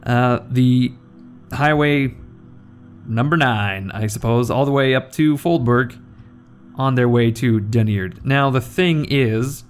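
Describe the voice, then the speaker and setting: A man's voice: medium pitch, takes it slowly, soft background music. A young man giving casual, rambling game commentary, joking and self-deprecating as the host. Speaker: gaming video host.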